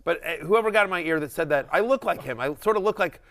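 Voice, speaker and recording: A middle-aged man chatting casually about football in a fairly high voice. He gets excited and rambles, often restarting his sentences as he talks it through. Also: quick pace. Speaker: fantasy football show host. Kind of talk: casual sports chat.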